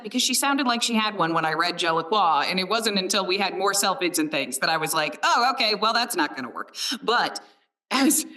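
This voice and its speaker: A woman's voice: medium pitch, sharp tone, recorded from a distance. A woman who narrates audiobooks talking casually and enthusiastically, often laughing. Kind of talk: casual conversation.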